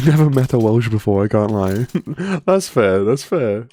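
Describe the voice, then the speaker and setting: A man's voice: mid-range voice, expressive, unhurried, mellow. A man in his twenties streaming a game, chatting casually, laughing often and rambling with lots of fillers. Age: 20s. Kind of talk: casual live-stream chat.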